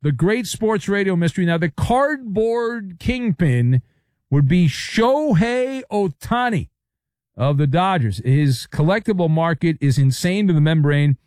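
A man's voice: sits high, animated, measured pace, darkish tone, no echo, studio quality. A man hosting a talk radio show, teasing his callers in playful banter. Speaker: radio host.

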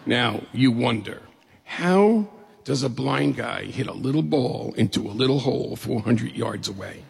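Middle-aged guy spinning a funny story, super gravelly raspy voice, big hall echo. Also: mid-range voice, measured pace. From New York State. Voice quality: gravelly and husky. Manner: lively, humorous, acts out quoted voices. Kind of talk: personal story told to an audience. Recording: long hall reverb.

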